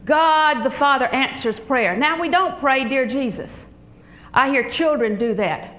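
An older woman preaching a sermon, animated and humorous, telling stories with frequent laughter. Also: high-pitched, measured pace, reverberant, rough recording.

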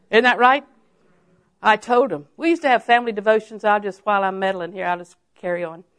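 An older woman preacher giving a sermon, telling homely stories and then rising into emphatic, drawn-out exhortations. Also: mid-range voice, steady tone, a bit bright. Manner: folksy storytelling that rises to emphatic, drawn-out exhortation.

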